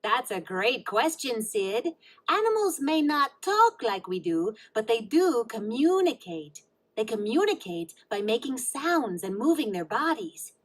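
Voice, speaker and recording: A woman's voice: on the high side, very animated, unhurried. A woman playing a kind, patient preschool teacher who explains things encouragingly in a storybook read-along.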